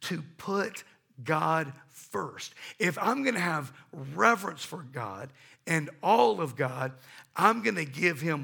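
A middle-aged man preaches with an emphatic storyteller's drive, calling out questions for the congregation to answer. His voice sits a little high, sounds bright and forceful, and carries a gravelly, husky edge. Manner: call-and-response with the congregation. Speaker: pastor. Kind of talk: sermon.

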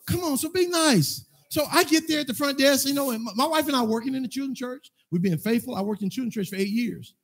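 Husky-voiced preacher man, loud emphatic bursts. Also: very high voice, quick pace, few pauses. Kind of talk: sermon with personal storytelling. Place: church sanctuary.

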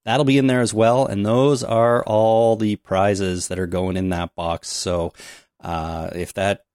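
Guy hosting a podcast, lowish voice, dry close sound, chill and jokey. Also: little pitch movement, a little mellow, no room sound. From Canada. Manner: easygoing, joking, with filler pauses. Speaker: podcast host. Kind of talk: casual chat.

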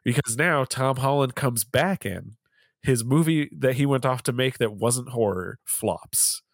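A man's voice: mid-range voice, a little slow, no echo. Chatty man with a dry, close sound. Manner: rambling, lots of "like" and laughs. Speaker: podcast host. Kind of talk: casual chat.

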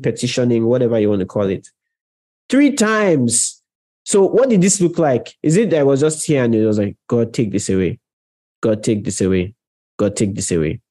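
A man's voice: medium pitch, warm tone. A man preaching a conversational sermon on prayer, talking directly to his listeners and stressing key words. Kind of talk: sermon teaching.

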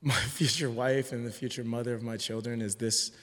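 A man's voice: medium pitch, steady tone, fairly quick, a bit bright. Earnest man talking in a reverberant room. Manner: earnest, hesitant with many restarts. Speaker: podcast guest. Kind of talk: casual podcast conversation. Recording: long hall reverb.

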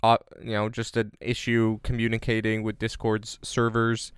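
Smooth-voiced man, jokey rambling podcast host. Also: lowish voice, moderate pace, dry recording. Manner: jokey, rambling, deadpan asides. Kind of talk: casual chat. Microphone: remote recording on separate devices.

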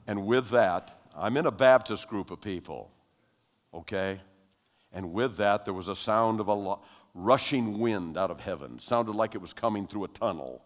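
An older man preaching, telling a personal testimony in a conversational storytelling manner that builds to loud, animated passages. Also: lowish voice, normal speed. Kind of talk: sermon storytelling. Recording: long reverb of a large hall.

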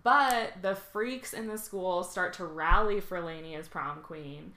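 A woman guest on a podcast, animatedly recapping a film in casual chat with profane jokes and quick asides. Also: lowish voice, bright, forceful tone, echoey room.

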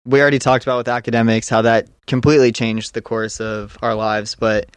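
A young man co-hosting a podcast, telling stories in an animated way and mimicking his friends. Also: medium pitch, fairly quick, clean tone, no echo. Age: young adult. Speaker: podcast co-host. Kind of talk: casual chat.

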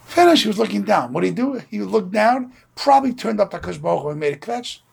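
A Brooklyn Torah class teacher with a high, gravelly, slightly rough voice talks fast. He gives an informal lecture, telling stories in a chatty way and acting out the people he quotes.

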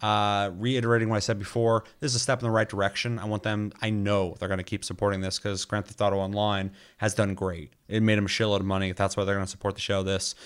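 A man's voice: fairly low pitch, little pitch movement, fast talker, hardly any pauses, clear, resonant tone. A man chatting casually about a video game, loose and rambling, with lots of filler words and frequent swearing.

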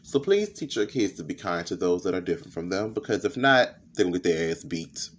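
A man's voice: low-pitched, sing-song, brisk, a little hiss or hum. A young man with a lisp, hosting a candid, profane personal podcast monologue. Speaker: podcast host.

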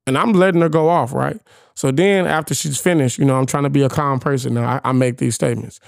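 A young man hosting a podcast, telling a story in casual chat, animated and profane, firing rhetorical questions at his co-hosts. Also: medium pitch, fast talker, gravelly, no room sound, studio quality. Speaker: podcast host.

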